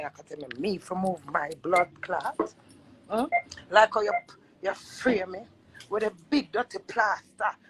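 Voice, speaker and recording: A woman's voice: medium pitch, fairly bright tone, slight background noise, rough recording. A young Jamaican woman vlogger ranting in an angry, accusing way, swearing often. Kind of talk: heated rant.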